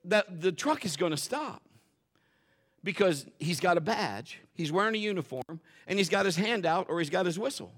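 Folksy middle-aged preacher, higher voice. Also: male voice, normal speed, husky. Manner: folksy, animated, acts out voices and quotes, drops to a whisper for emphasis. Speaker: pastor. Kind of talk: sermon.

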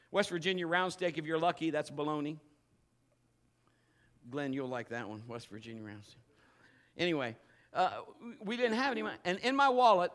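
A middle-aged man preaches to his congregation in a fairly high voice. He tells stories animatedly, jumping from loud exclamations to quiet asides. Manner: animated storytelling, swinging between loud bursts and low asides. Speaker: pastor. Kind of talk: sermon. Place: church service.

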